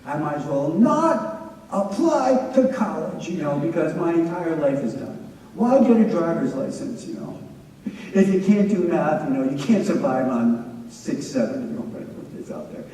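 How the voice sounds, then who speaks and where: A man's voice: fairly high pitch, animated, normal speed, mellow, far from the mic. A middle-aged man gives a chatty talk to students, telling anecdotes with frequent "you know" fillers. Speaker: presenter. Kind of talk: lecture to students. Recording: echoey hall heard from afar.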